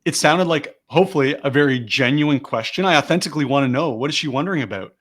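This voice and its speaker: A man's voice: fairly high pitch, quick pace. Man coaching sales in a live webinar. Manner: explains steps, then models the lines he teaches. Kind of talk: live online teaching.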